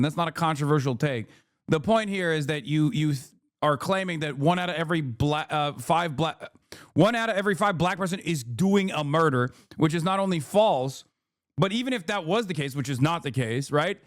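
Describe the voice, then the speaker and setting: Male streamer in his thirties, fired-up reaction commentary, swears freely, slightly high voice, dry close mic. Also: expressive, no echo. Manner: heated, profane, rapid restarts. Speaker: streamer reacting to a debate clip. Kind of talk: casual livestream commentary.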